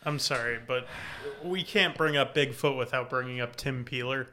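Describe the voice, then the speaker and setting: A man's voice: mid-range voice, moderate pace, bright, forceful tone, slight background noise. A man co-hosting a casual podcast, trading dry, sarcastic quips. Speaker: podcast co-host.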